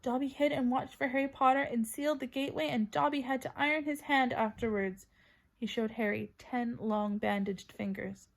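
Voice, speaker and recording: A woman's voice: a little high, fairly even intonation, moderate pace, gravelly. A woman voicing a small, miserable male house elf who pleads in a whisper. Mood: anxious.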